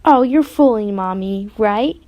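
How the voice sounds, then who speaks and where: A woman's voice: medium pitch, measured pace, highs cut off, natural voice. A woman voicing a fretful, flustered mother in a children's story. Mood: coaxing. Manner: fretful, rising to alarm. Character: flustered mother of two boys.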